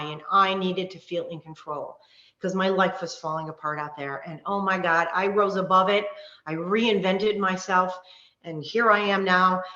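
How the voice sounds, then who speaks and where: Passionate woman coach, fast and forceful, roomy and lo-fi video-call sound. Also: lowish voice. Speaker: wellness coach. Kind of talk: live online workshop talk. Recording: roomy, dull lo-fi call audio.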